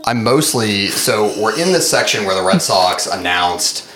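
A man's voice: fairly low pitch, lively intonation, a little slow, pushed and bright, a little hiss or hum. A man co-hosting a casual chat, reading comments aloud with sarcastic, mocking asides. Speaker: podcast co-host.

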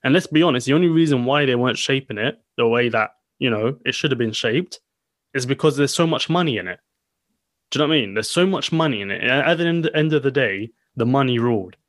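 A man co-hosting a podcast in casual chat, emphatic and fast, full of filler phrases. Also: mid-range voice, animated, a bit bright, no room sound, clean studio sound. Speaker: podcast co-host.

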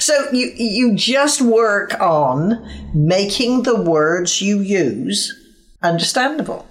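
Dorset-accented woman, a speaking coach, unhurried and blunt, guest on an interview. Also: medium pitch, animated. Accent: Dorset English. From England. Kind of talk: interview conversation.

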